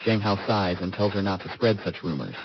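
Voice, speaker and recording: Low-voiced man narrating a comic recap. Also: brisk, lo-fi sound, a little hiss or hum. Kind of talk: scripted story recap narration.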